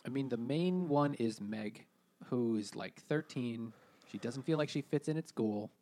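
A man co-hosting a casual podcast, retelling things in a halting, hesitant way. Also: medium pitch, warm tone. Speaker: podcast co-host. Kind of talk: casual chat over beers.

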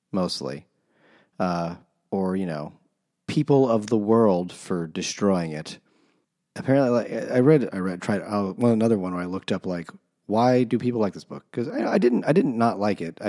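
A man's voice: fairly low pitch, a little mellow. A man in a book club discussion, talking hesitantly and rambling with trailing thoughts. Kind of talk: casual chat.

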